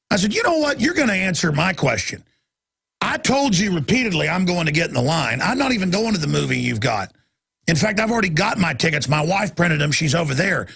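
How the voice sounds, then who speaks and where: A man hosting a radio talk show, ranting angrily and breaking into shouts, with a gravelly, husky voice. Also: a little high. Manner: angry, shouting in bursts, then weary and apologetic. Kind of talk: ranting monologue.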